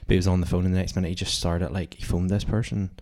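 Young man, deep voice, casual storytelling, loose and rambling. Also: little pitch movement, rapid-fire, dark tone. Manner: rambling, lots of "like" fillers.

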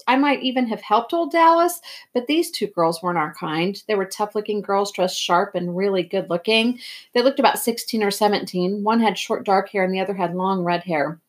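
A woman reading a novel aloud in a plain, even first-person narration. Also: mid-range voice. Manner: plain, even read-aloud with throat clearing. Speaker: reader.

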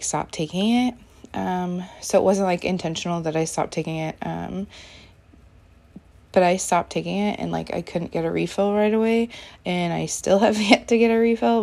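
A woman's voice: on the low side, gravelly, a little mellow. A young woman talking candidly in a casual diary-style vlog, chatty, with lots of fillers and giggles. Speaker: vlogger.

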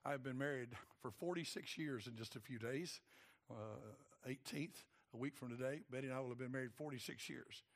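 A man, preaching a sermon emphatically and acting out voices, swinging between loud and hushed. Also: mid-range voice, normal speed. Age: 60s. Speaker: pastor.

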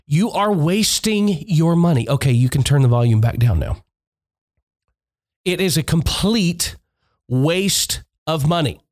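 A man's voice: a little high, big pitch swings, moderate pace, darkish tone. A man hosting a music industry podcast, giving blunt, emphatic advice, repeating points and swearing. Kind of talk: instructional podcast monologue. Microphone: podcast mic.

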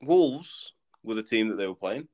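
A man's voice: fairly low pitch, expressive, moderate pace, a little mellow. A man co-hosting a football podcast, telling match stories in a teasing, laid-back way. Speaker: podcast co-host. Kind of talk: casual football chat.

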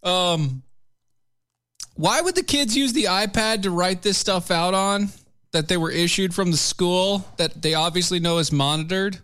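A man's voice: sits high, a little slow, fairly bright tone, clean tone. A man co-hosting a talk radio show, joking and cutting in with quips. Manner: joking, quips and laughing interruptions. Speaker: radio co-host. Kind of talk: casual talk radio banter.

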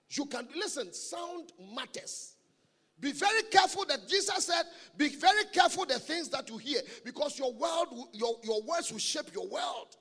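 A man preaching a sermon as a guest speaker at a church gathering. He is animated and humorous, and he repeats his key phrases for emphasis. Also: very high-pitched, normal speed, gravelly. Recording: long reverb of a large hall.

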